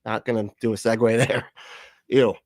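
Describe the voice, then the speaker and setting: A man's voice: lowish voice, level tone, moderate pace, darkish tone, dry recording. A man commentating on a livestream, mocking and profane, laughing often through his sarcastic remarks.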